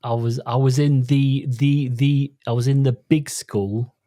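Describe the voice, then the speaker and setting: A man's voice: mid-range voice, flat delivery, measured pace, mellow, dry recording, clean studio sound. A man co-hosting a podcast, telling stories in a playful, stammering way during casual chat. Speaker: podcast co-host.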